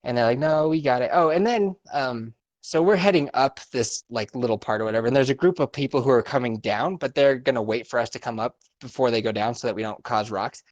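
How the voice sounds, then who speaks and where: A man's voice: medium pitch, a little fast, hardly any pauses, dry recording, highs cut off. A young man co-hosting a podcast, telling a story in casual, profane chat and laughing often. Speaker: podcast co-host.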